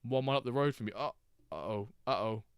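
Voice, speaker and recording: A man's voice: medium pitch, quick pace, clear, resonant tone, no echo, clean studio sound. A man hosting a live stream, chatting casually and joking as he reacts to chat and the games.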